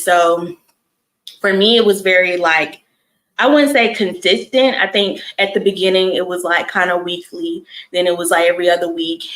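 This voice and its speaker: A young woman hosting a casual chat, speaking softly and reflectively with many fillers. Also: lowish voice, low-quality recording. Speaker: host.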